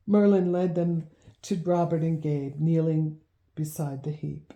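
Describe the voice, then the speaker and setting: Low, mellow woman reading a storybook. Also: level tone, a little slow. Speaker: audiobook narrator. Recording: roomy echo.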